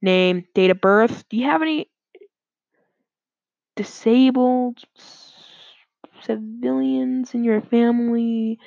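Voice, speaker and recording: A woman's voice: a little high, slow, vocal fry, pauses often, darkish tone, no echo. A woman voicing an impatient male shelter employee who barks out questions and orders. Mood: curt. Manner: curt, barked questions and orders. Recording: dull lo-fi dry recording.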